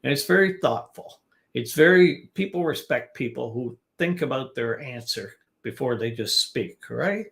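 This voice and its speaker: A man teaching business English in a relaxed live-stream lesson, giving advice in a conversational way. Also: mid-range voice, moderate pace, vocal fry.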